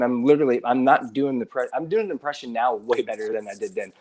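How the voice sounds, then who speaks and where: A man speaking as a guest on a casual livestream, halting and filler-heavy, earnest and defensive. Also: mid-range voice, darkish tone.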